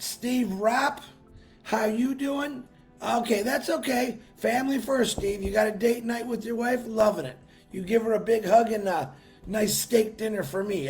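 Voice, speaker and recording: A man hosting a live stream, chatting casually and greeting viewers by name with upbeat bursts, his voice worn from a long weekend. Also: sits high. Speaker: livestream host.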